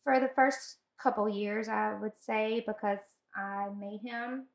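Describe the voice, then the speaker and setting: A woman's voice: mid-range voice, unhurried, reverberant. A woman, chatting and telling stories about her life. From Southern United States. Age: 30s. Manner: chatty, animated storyteller. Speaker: guest. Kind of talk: casual chat.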